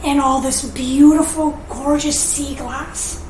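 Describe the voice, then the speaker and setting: A woman giving an earnest, emotional personal testimony as a podcast guest, animated and sometimes tearful. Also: high-pitched, slow pace. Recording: roomy, distant mic, faint noise.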